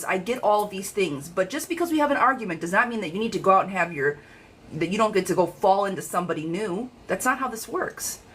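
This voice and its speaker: A woman giving a live-streamed tarot reading in a chatty, frank, lively way, talking straight to her viewers. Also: mid-range voice, a little hiss or hum, low-quality recording. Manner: chatty, animated, frank, calls viewers girlfriend. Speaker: tarot reader.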